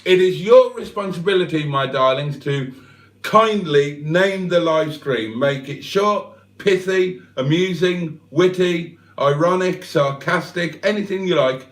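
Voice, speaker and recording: An older man hosts a casual livestream, reading viewers' comments aloud and trading cheeky, self-mocking jokes. His voice sits a touch higher than most men's and moves quickly through each aside. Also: reverberant, a little hiss or hum. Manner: jokey, teasing, self-deprecating banter. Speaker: livestream host.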